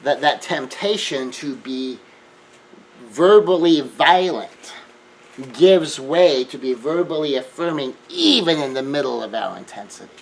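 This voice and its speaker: A man giving an earnest self-help lecture, shifting between hushed remarks and emphatic raised lines. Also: on the high side, sing-song, unhurried, gravelly, a little hiss or hum, low-quality recording. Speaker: speaker.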